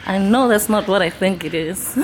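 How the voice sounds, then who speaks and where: A woman with a medium-pitched voice vlogs casually from her car and a dealership lot, swinging between laughter and tears. Music plays clearly in the background, along with a slight hiss or hum.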